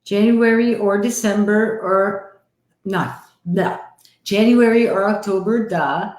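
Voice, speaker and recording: A woman from Canada, a psychic medium hosting a live-stream card reading, chatty and animated, with frequent laughter. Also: mid-range voice, slow pace, roomy sound.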